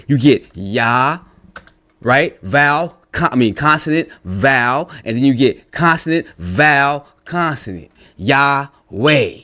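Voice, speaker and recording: A man delivers a combative, profanity-laced rant, reading out comments and lecturing his listeners. His pitch rises and falls in lively swings. He is blunt and relentless. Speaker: religious commentator. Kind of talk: angry reaction rant.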